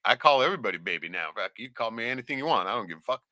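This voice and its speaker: A man's voice: fairly low pitch, expressive, rapid-fire, bright, forceful tone, no echo. A man telling stories in casual chat, bluntly and with constant swearing. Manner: swears constantly, blunt storytelling with lots of "right?".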